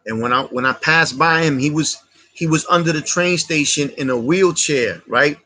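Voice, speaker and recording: A man tells a long personal story to his viewers, looping back over details and dropping slang as he goes. His voice sits a bit high for a man and sounds bright and forward. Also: normal speed. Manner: street slang, repetitive and heartfelt. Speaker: channel host. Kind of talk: casual livestream storytelling.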